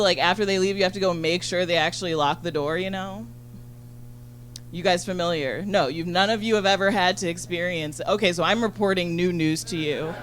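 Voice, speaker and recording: A woman doing a stand-up set on a club stage, chatty and bubbly, full of fillers and quick asides to the crowd. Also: on the low side, slight background noise. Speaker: stand-up comedian. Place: comedy club stage in front of an audience.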